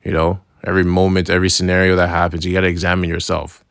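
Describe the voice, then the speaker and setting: Low-voiced man giving a casual Bible lesson. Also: monotone, fast, creaky, a bit bright, smooth, no room sound, clean studio sound. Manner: conversational, keeps asking "right?"; slangy, loose phrasing with restarts. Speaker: religious teacher.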